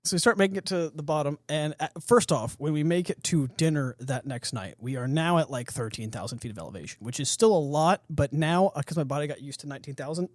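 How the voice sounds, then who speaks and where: A man's voice: a little high, quick pace, hardly any pauses, no room sound, clean studio sound. A young adult man hosting a podcast in casual chat, telling stories with lots of energy, acting out what others said and laughing often. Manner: animated storyteller who acts out quotes and laughs often. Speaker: podcast host.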